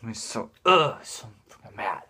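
A man's voice: fairly low pitch, big pitch swings, unhurried, bright, forceful tone, husky. A man ranting casually to his viewers, frustrated and swearing often, restarting his sentences. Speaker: gaming vlogger.

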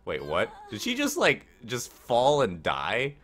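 A man's voice: medium pitch, huge pitch swings, takes it slowly, a bit bright. A young man hosting a let's play, reading the game's text aloud and adding wry, casual asides. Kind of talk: casual gaming commentary.

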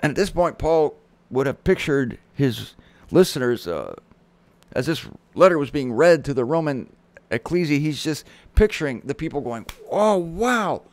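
A man's voice: mid-range voice, animated, normal speed, darkish tone, no echo. A middle-aged man teaching the Bible in a sermon style, reading verses aloud with dramatic emphasis and dropping casual asides. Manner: conversational asides.

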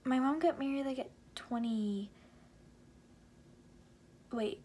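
A woman's voice: high voice, takes it slowly, dark tone, a little hiss or hum. A young American woman from Indiana answering questions in a casual vlog, chatty and giggly with many fillers. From Indiana, USA. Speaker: vlogger.

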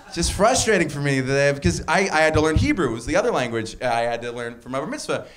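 A man's voice: medium pitch, fast talker, few pauses. A man performing a stand-up comedy set on a club stage, talking wryly and jumping his voice up for punchlines. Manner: wry and animated, voice jumps up for punchlines.

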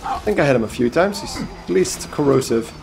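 A Belgian-accented let's play host gives loose, rambling commentary over a video game, cracking jokes and talking to himself. His medium-pitched voice is expressive and brisk, with vocal fry.

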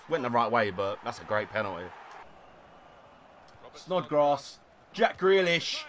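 A young man commentating his own football video game, excitable, shouting at goals and swearing. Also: medium pitch, a little slow, long pauses. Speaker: gaming YouTuber. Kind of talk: gameplay commentary. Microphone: desktop USB microphone.

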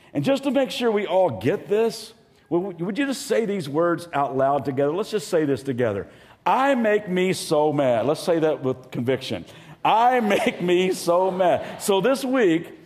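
A pastor delivers a lively sermon in a somewhat higher male voice. He mimics angry voices now and then to land a point. His words ring out with a long reverb through a large church auditorium.

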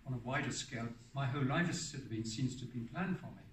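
A man's voice: medium pitch, quick pace, fairly bright tone, slight background noise. A man in his seventies giving a rambling, anecdotal talk about his life as a hermit, often restarting and correcting himself mid-sentence. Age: 70s. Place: hall for a public talk. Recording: roomy sound from a distant mic.

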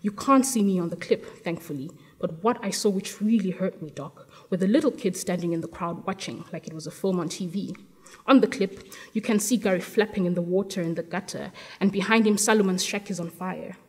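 A woman author giving a measured, expressive live reading of her first-person prose at a literary event. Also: fairly low pitch, slightly rough, big-room sound. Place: event hall at a university library.

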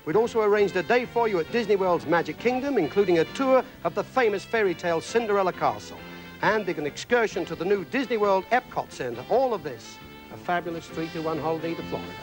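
A man's voice: sits high, expressive, fast talker. A man hosting a game show, describing prizes and introducing an act in a polished, upbeat manner. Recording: clear music behind the voice.

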